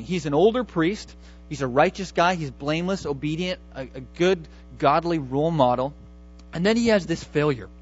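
A man's voice: on the high side, muffled recording. A man preaching a sermon in a conversational, emphatic way, often restarting his words. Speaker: pastor.

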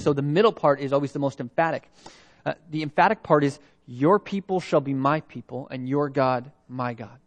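A Canadian man delivers a sermon, slightly high-pitched for a man. He reads scripture aloud, then pauses to ask reflective, searching questions. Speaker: pastor.

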